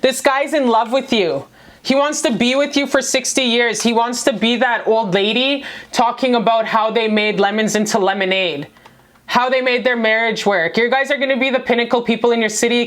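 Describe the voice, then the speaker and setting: Brief: young woman tarot reader, a little high-pitched, gushing, emotional, swears a lot. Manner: effusive, emotional and profane, repeats "you guys". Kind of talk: love tarot reading to camera.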